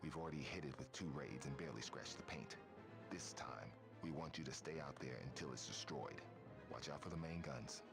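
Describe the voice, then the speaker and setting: Gravelly, very deep briefing officer. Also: male voice, fairly quick. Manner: blunt, commanding, salty soldier talk. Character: gruff male military briefing officer. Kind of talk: game mission briefing. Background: music.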